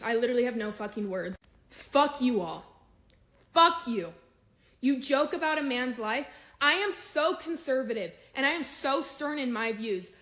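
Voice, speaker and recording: Furious, high-pitched woman. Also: a bit bright. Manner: furious, swearing, shaky. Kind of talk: enraged reaction video.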